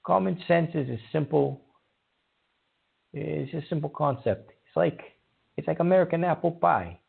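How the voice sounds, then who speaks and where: A man's voice: a little high, expressive, normal speed, gravelly, breathy edge. A man hosting a call-in radio show, taking callers and scolding the rude ones. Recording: narrow phone-like audio.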